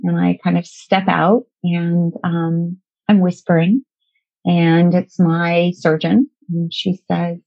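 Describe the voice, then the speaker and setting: A woman's voice: lowish voice, level tone, takes it slowly, creaky, no room sound. A middle-aged woman telling a personal story in a conversational way, often restarting her sentences and quoting what people said to her. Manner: conversational, with frequent restarts and quoted dialogue. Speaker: guest sharing a personal story. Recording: dull lo-fi recording, dry.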